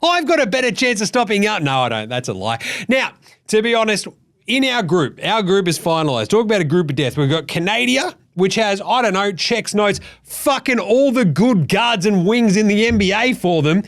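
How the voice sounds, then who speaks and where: Aussie male sports host, high-pitched, lively, profane ranter. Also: moderate pace. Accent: Australian. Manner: loud, sweary, animated. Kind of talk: ranting sports commentary.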